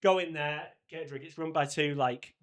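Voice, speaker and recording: A podcast co-host from Manchester, England tells a travel story in a casual chat, animatedly playing out every exchange and voice in his anecdote. His voice is a little high and his speed normal.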